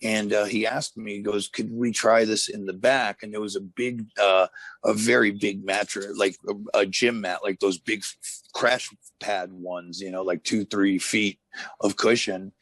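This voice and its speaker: A man's voice: lowish voice, fairly even intonation, a little slow, a bit bright, no room sound. A man in his fifties, a former wrestler, telling rambling stories in a casual interview, full of fillers and restarts.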